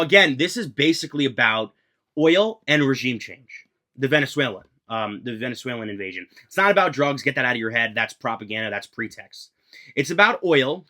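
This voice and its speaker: A man's voice: medium pitch, pushed and bright. A young man from the United States giving a heated, profane political rant, repeating his points for emphasis. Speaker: political commentator.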